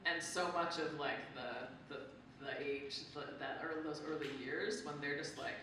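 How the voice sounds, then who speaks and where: A moderator leading a live onstage conversation, speaking in a loose, mid-pitched way full of "like" and restarts. The voice bounces around a large hall, picked up from a distance, with clear background noise underneath. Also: steady tone. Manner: conversational, fills pauses with "like" and restarts. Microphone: distant from the microphone. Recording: echoey hall from far off.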